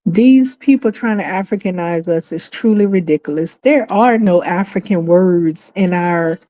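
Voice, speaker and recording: A woman's voice: fairly low pitch, measured pace, warm tone. A woman from New Orleans with a New Orleans accent, hosting a casual livestream and talking in an emphatic, exasperated way with frequent profanity. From New Orleans, USA. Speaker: livestream host. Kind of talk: casual opinionated livestream talk.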